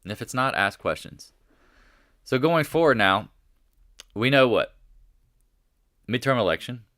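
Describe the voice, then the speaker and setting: Bright-voiced man riffing on markets. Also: medium pitch, unhurried, no echo, studio quality. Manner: animated, rhetorical questions, thinks aloud while watching prices. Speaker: market commentary host. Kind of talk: live market commentary.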